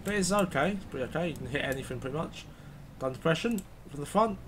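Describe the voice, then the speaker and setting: A man's voice: fairly high pitch, expressive, quick pace, background noise. A man giving rambling, self-correcting commentary while reviewing a video game. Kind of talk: gameplay commentary.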